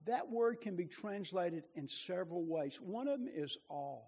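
A man preaching a sermon with passion, rising to loud bursts and dropping to quiet, low asides. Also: expressive, moderate pace, breathy edge, big-room sound.

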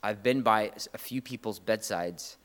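A man's voice: fairly low pitch, normal speed, fairly bright tone, in a large hall. A man preaching a sermon, earnest and emotional, often restarting his phrases.

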